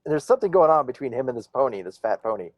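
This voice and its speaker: A man's voice: medium pitch, dry recording. A man narrates a tabletop game as its game master, stopping and restarting as he goes. His voice sits in the middle range. It is recorded close, with a dry sound. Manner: relaxed, halting narration with frequent fillers.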